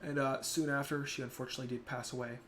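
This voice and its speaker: A young man talks on his stream in a casual, reflective way. His voice turns soft and quiet when the talk gets emotional. Faint noise sits underneath, with a mid-pitched tone. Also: flat delivery, fast talker. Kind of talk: casual chat.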